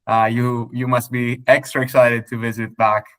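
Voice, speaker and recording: A man from Greece, a local tour organizer welcoming clients on a video call, friendly and halting with many fillers. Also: medium pitch, level tone, a bit bright.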